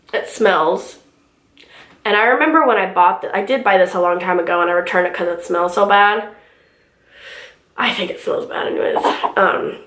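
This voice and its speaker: A young woman talks her way through her makeup, rambling casually through a story with plenty of fillers. Her voice sits at an ordinary middle pitch. The home room around her adds a noticeable echo. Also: a bit bright. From California, US. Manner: chatty, filler-heavy storytelling. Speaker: beauty vlogger. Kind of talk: casual get-ready-with-me chat. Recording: roomy home recording.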